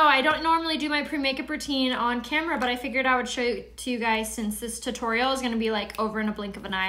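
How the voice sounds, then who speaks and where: Brief: chatty woman from San Diego, slightly high, bright voice, hosting a casual live makeup tutorial with rambling asides. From San Diego, California. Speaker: beauty product seller and live-streamer.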